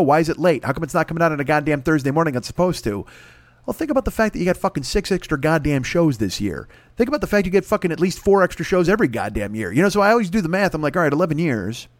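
A man hosting his own comedy podcast, tearing through a crude, rambling monologue that jumps from one tangent to the next. He talks very fast in a slightly high voice. The sound is dry and close. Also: no room sound. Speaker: podcast host.

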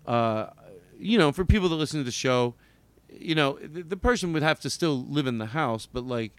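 A man hosting a podcast in casual chat, rambling and animated, breaking into loud shouted bits. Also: a little high, normal speed, clear, resonant tone, no echo. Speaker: podcast host.

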